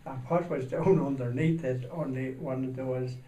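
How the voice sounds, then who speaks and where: A man rambles through a comic anecdote at an even middle pitch, breaking into loud shouted voices for the people in it. He sits well back from the microphone in an echoey room. A steady noisy hiss runs under the recording. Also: moderate pace, recorded from a distance, muffled recording.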